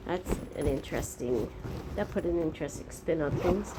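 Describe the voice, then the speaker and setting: A middle-aged woman talking to her viewers in a casual, rambling diary-style vlog, unhurried and thankful. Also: low-pitched, expressive, heavy background noise. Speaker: vlogger.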